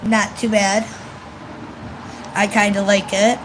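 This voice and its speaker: A woman's voice: medium pitch, flat delivery, slow pace, background noise. A woman venting in a casual vlog, blunt and profane, sounding congested, recorded outdoors on a phone camera. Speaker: vlogger.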